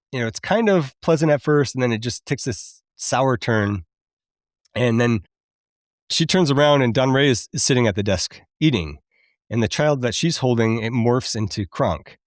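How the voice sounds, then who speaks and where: A man in his thirties hosting a podcast, chatty and quick to laugh as he recaps a film and admits it moves him. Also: medium pitch, no echo, clean studio sound. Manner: chatty, laughs often, openly emotional. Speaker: podcast host.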